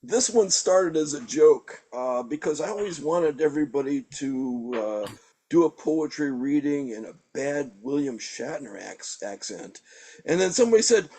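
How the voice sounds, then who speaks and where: An older man reading his own poem at an open mic in a measured, deliberate way. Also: mid-range voice, expressive, mellow, husky. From New Hampshire, United States. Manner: measured, deliberate poetry delivery. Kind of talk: poetry reading.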